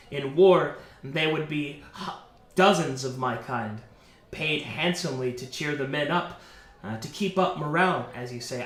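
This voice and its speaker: A man voicing a poised, worldly woman bard who speaks softly and courteously. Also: fairly high pitch. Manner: soft, measured, courteous. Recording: echoey room.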